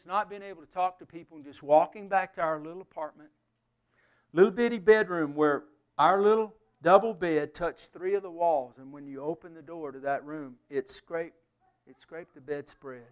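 A man preaching a sermon as a pastor and missionary, earnest, swinging from loud emphasis to hushed, near-whispered passages. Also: on the high side, clear, resonant tone.

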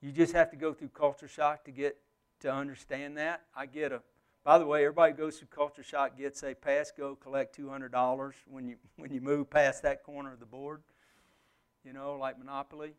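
A man preaching a sermon as a pastor and missionary, earnest, swinging from loud emphasis to hushed, near-whispered passages. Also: mid-range voice, level tone, brisk, smooth.

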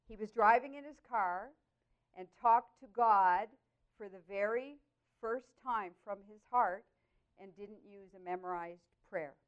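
A woman sharing her personal Christian testimony, telling the story in an earnest, expressive way with lively swings in her voice. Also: mid-range voice, a little slow, clear, resonant tone. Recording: dull, lo-fi audio.

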